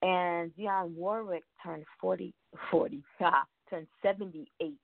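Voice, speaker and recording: A woman's voice: on the low side, fairly even intonation, takes it slowly, vocal fry, no echo. A woman hosting a radio show, chatting casually in a rambling way and laughing often. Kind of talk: casual show chat reading birthdays. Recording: tinny phone-like line, dry.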